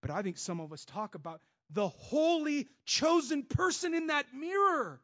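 A man preaching a sermon with passion, moving between loud bursts and hushed stretches. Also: very high voice, sing-song, moderate pace. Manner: acts out God's voice and inner voices in quotes. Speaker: pastor. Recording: dull lo-fi sound.

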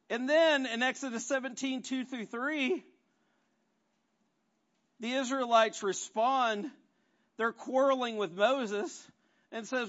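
A man's voice: very high voice, steady tone, takes it slowly, long pauses, a bit bright, muffled recording. A man preaching a conversational, self-deprecating sermon full of rhetorical questions. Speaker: pastor.

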